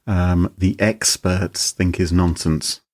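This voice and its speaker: A man's voice: sits low, steady tone, takes it slowly, a little mellow. A man hosting a podcast in casual chat, wry and jokey. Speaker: podcast host.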